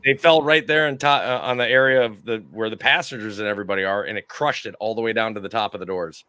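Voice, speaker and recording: Bright-voiced profane storytelling man. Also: on the low side, steady tone, quick pace, smooth. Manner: profane, storytelling, laughs often. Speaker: podcast co-host; former army sergeant. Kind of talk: casual banter.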